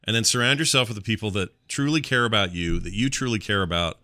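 This low-pitched man co-hosts a podcast, a casual chat show, speaking fast with lively intonation. His tone is bright and forceful, and he rambles on while gesturing with his hands.

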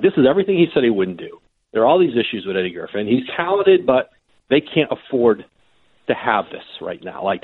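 Male sports reporter guest, husky, storytelling on a tinny phone line. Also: mid-range voice, no echo. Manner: animated anecdotes with quoted voices and frequent restarts. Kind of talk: conversational storytelling.

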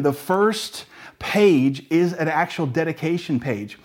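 A man preaching a sermon as pastor, earnest and emphatic, with frequent restarts. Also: fairly high pitch.

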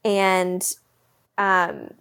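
A young woman co-hosting a podcast, telling a story in a casual, animated way and laughing often. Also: lowish voice, drawn-out words, creaky, clear, resonant tone. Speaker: podcast co-host.

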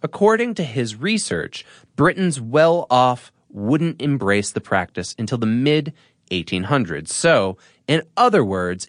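A man from the Boston area hosting an explainer podcast, reading a script with lively, playful asides. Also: mid-range voice, no echo, clean studio sound. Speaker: podcast host.

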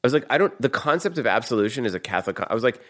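A man with a Boston accent telling a story in a fast, profane, animated way as a guest in a casual chat. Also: medium pitch.

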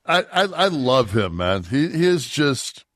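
Podcast host, man, slow and halting, dry close-miked voice. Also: medium pitch, sing-song, a bit bright, no echo. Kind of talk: casual podcast chat.

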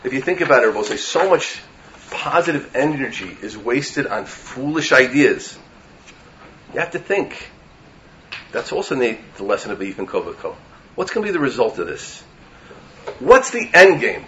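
A man giving a Torah class in an animated way, reading Hebrew verses and explaining them with rhetorical questions. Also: on the high side, moderate pace, a little hiss or hum. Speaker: Torah teacher. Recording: dull lo-fi recording.

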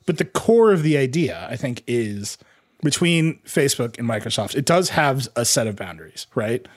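A man's voice: mid-range voice, normal speed, no echo, studio quality. A man co-hosting a tech podcast, talking in a rambling, sarcastic way full of "like". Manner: animated, rambling, sarcastic with lots of "like". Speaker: podcast co-host. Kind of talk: casual panel discussion.

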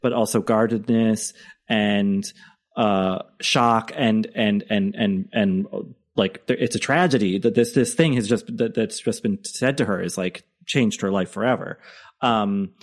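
A man co-hosting a casual podcast, talking things through in a halting way with many fillers and restarts. His voice sits somewhat low. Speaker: podcast co-host.

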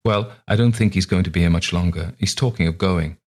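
A man's voice: low-pitched, fairly quick, darkish tone. A man voicing a nervous, polite young woman who speaks hesitantly and apologetically in an audiobook reading.

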